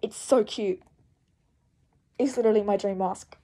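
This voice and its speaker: A teenage girl from Australia unboxing a mask, gushing and breathless, shaky with excitement and swearing often. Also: mid-range voice, moderate pace, low-quality recording. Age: teens.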